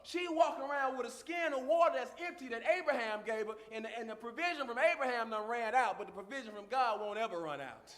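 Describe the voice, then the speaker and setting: Very high-voiced preaching man. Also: quick pace, few pauses, in a large hall. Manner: impassioned preaching that swells into shouts; repeats phrases for emphasis. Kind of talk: sermon.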